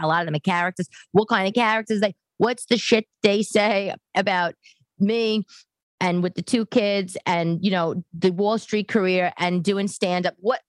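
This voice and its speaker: Woman podcast host in her 40s, casual emphatic monologue, low-set voice, dry close sound. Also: dry recording. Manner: animated and emphatic, ranting with frequent restarts. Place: home living room.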